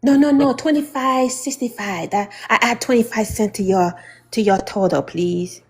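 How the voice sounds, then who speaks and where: A woman's voice: a little high, moderate pace, darkish tone, husky. A woman voicing a chirpy shop clerk who fires off sing-song questions in broken phrasing in a comedic skit. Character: chirpy female takeout and salon clerk.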